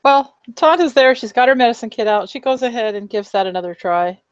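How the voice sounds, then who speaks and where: Female player, mid-pitched, dry and muffled audio. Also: a little fast, clean tone, no room sound. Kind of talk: narrating her character.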